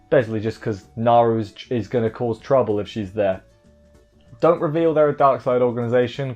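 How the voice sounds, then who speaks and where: A man recapping an anime episode in casual chat, joking and rambling with quick asides. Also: mid-range voice, darkish tone, lo-fi sound. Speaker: anime reviewer.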